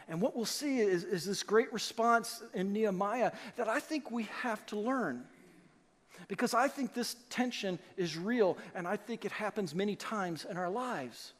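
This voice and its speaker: A man preaching a sermon as pastor, animated and emphatic, acting out the voices he quotes. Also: high-pitched. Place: church sanctuary. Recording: long hall reverb.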